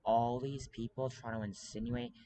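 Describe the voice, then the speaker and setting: A man's voice: medium pitch, little pitch movement, normal speed, warm tone, a little hiss or hum, low-quality recording. Rambling man talking urgently to camera. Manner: rambling, urgent, many fillers and restarts. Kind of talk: casual monologue to camera.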